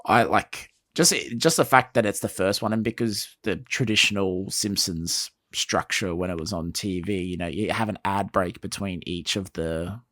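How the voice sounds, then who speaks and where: A man co-hosting a podcast in a relaxed, chuckling casual chat. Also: sits low, normal speed, few pauses, dry recording, studio quality. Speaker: podcast co-host.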